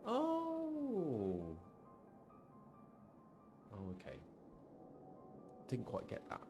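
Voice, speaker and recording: A man talking through a game on a live stream in a chatty, offhand way. His voice sits at an ordinary middle pitch. He drifts into quiet asides and backtracks when he loses track of names. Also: sing-song, slow pace, over music. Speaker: streamer and voice actor playing a game. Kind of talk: casual live-stream commentary.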